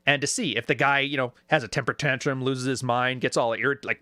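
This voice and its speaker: A man's voice: mid-range voice, a little fast, dry recording. A man giving casual, sarcastic reaction commentary on video clips, often putting on mocking voices. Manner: animated, sarcastic, does mocking quoted voices. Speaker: YouTube commentator.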